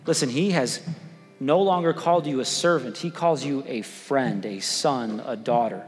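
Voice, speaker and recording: Animated man preaching in an echoey hall. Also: mid-range voice, moderate pace, soft background music. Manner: conversational, animated storytelling. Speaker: pastor. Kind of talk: sermon.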